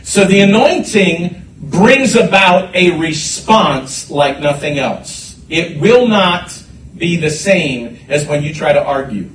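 A man delivers a lively sermon in a church, his slightly high voice carrying through an echoey sanctuary. He repeats his words and builds to bursts of shouting. He sounds set back from the microphone, with faint room noise around him. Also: slow, distant mic. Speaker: pastor.

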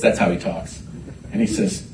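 A man preaching a sermon to a congregation, animated and repeating his words as he rises to shouts. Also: moderate pace, slight background noise. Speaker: pastor. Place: church sanctuary. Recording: echoey room from a distance.

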